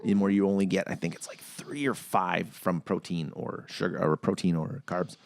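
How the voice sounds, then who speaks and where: A man's voice: sits low, steady tone, normal speed, creaky, no echo. A young man co-hosting a casual podcast, rambling through stories, swearing freely and breaking into joke song parodies. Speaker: podcast co-host.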